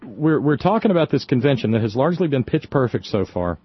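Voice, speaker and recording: A middle-aged man, co-hosting casual radio talk, halting with wry humor. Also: medium pitch, big pitch swings, slightly rough, dry recording, dull audio. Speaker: co-host.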